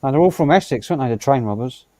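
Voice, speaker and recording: A man streamer in casual banter, talking haltingly with many fillers. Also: mid-range voice, expressive, warm tone.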